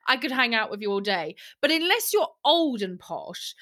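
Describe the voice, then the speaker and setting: A young woman with a high, bright voice, talking freely in a casual podcast chat. She is candid and sweary, and she laughs easily as she rattles off her opinions. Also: big pitch swings, normal speed.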